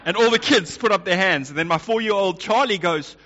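A man's voice: high-pitched, fast, hardly any pauses. A middle-aged man preaching a sermon as pastor, telling stories and acting out quotes as he goes. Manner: lively storytelling with acted quotes. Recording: lo-fi dull recording.

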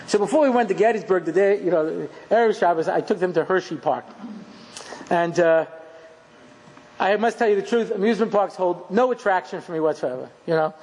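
A middle-aged man giving a rabbi's lecture, telling funny stories in an animated, self-mocking way and acting out scenes. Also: high-pitched, fairly quick. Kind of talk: humorous storytelling lecture. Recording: long hall reverb, faint background noise.

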